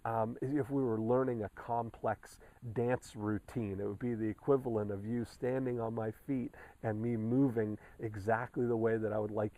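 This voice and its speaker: A man's voice: mid-range voice, mellow, low-quality recording. A man giving a recorded coaching update to clients, walking through a process methodically with frequent fillers and restarts. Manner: instructive, methodical, repeats steps with frequent fillers. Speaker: sales coach.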